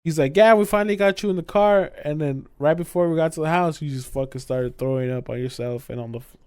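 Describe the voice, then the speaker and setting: A man's voice: fairly high pitch, fast talker, darkish tone, smooth, no room sound. A young man co-hosting a podcast, telling a drunk story in casual chat, swearing often and acting out the quotes with bursts of laughter. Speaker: podcast co-host.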